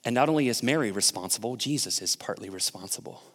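A man's voice: mid-range voice, animated, quick pace, fairly bright tone, long reverb tail. A male pastor preaching a sermon in a conversational way, often asking the congregation questions.

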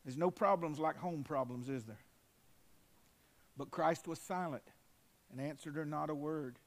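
A man pastor delivers a sermon with fervent conviction. His voice sits a little high for a man. He moves between softer asides and loud, emphatic declarations. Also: normal speed. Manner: fervent, rising to emphatic shouts.

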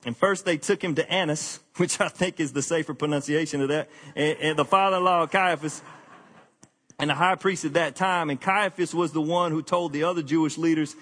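A man preaching a conversational sermon to his congregation, candid and self-deprecating, often sinking into a quiet, confessional tone. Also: on the high side, brisk. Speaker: pastor.

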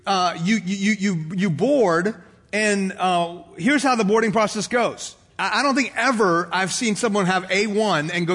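A pastor preaching a sermon, telling a story and acting out the voices of people in it, with conversational asides to the congregation. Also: male voice, high-pitched, unhurried, a bit bright. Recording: long hall reverb.

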